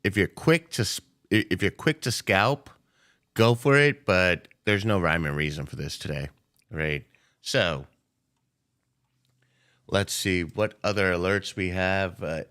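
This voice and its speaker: His deep, clean voice has lively intonation and a slightly bright edge, and he never rushes. He's the host of a live day-trading stream, offering casual market commentary, joking around with viewers and swearing freely.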